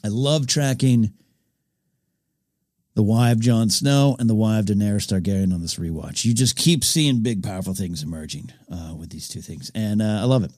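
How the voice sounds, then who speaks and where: A man with a fairly low voice talks through a show episode as a podcast host. He is eager and rambling, circling back on his words. The sound is dry and close. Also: moderate pace, a little mellow, no echo. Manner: enthusiastic, rambling, with frequent restarts. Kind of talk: casual episode recap commentary.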